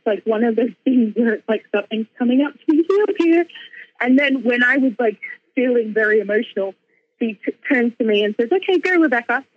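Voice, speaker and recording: A woman author and speaker telling a personal story in casual conversation, animated, with lots of fillers and laughs. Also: a little high, slightly rough, highs cut off.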